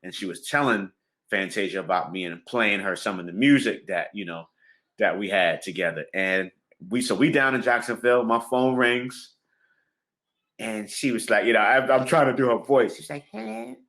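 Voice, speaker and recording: Bright-voiced man telling a story. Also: fairly low pitch, moderate pace. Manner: laughs often, acts out phone calls. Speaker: music producer and drummer guest. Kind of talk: animated storytelling in a casual interview.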